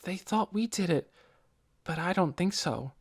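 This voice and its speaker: A man's voice: high-pitched, lively intonation, unhurried, breathy edge, voice pushed up, full character voice. A man voicing a hesitant, unsure young boy.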